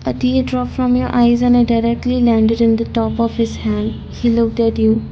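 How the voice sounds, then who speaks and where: A woman narrating a fan-fiction story in an even, unhurried reading voice. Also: a little high, dull audio, slight background noise. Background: faint music.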